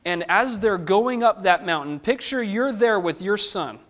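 A man's voice: high-pitched, animated, unhurried, fairly bright tone. A man preaching a sermon, who asks the listeners questions and acts out the lines of the people he quotes.

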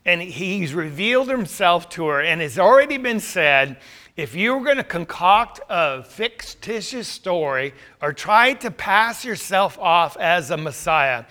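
A man's voice: a little high, bright, forceful tone. A man teaching a Bible class in a conversational way, asking the group rhetorical questions.

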